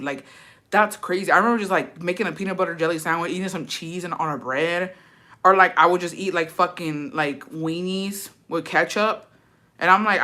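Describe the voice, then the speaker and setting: A woman's voice: on the low side, brisk. A woman vlogger who reads viewer comments aloud and reacts, telling her own stories in a blunt, slangy, profanity-heavy way. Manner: animated storytelling.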